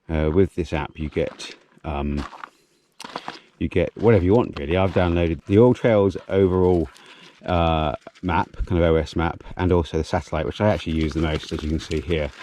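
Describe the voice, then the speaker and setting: Man, low voice, casual hiking vlog, chatty with ums, outdoors on a handheld camera, faint background noise. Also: a little mellow. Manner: chatty, easily amazed, frequent ums. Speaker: vlogger hiking with his dog. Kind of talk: casual walking vlog narration. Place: outdoors on a gorge hiking trail.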